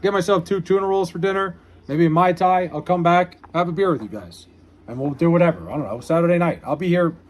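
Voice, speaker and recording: A man's voice: on the high side, fast talker. A man running a casual live stream, reading viewers' comments aloud and answering with profane, self-mocking banter. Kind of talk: casual livestream chat.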